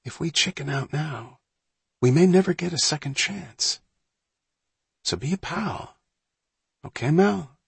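A man voicing a bold older brother, a boy who talks in eager, hushed urgings. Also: medium pitch, expressive, normal speed, slightly rough, no echo, pitched above the performer's own voice. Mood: coaxing.

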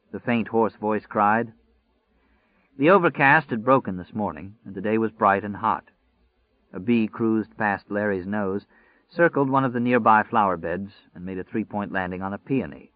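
A man narrating an audiobook in a measured, deliberate reading. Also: on the low side, no room sound. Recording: dry, phone-like narrow sound.

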